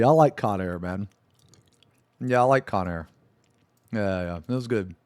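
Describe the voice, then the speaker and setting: Low-voiced guy streaming, rambling and cussing, dry close mic sound. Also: measured pace, pauses often, a little mellow, dry recording. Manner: rambling, laughing, swears a lot. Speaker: livestreamer. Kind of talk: casual livestream chat.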